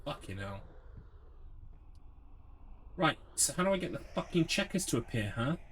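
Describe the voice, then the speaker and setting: A man's voice: a little high, sing-song, normal speed, a bit bright, slight background noise. A young man streaming a horror game, ranting sarcastically and swearing as he gets frustrated. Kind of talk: live gameplay commentary.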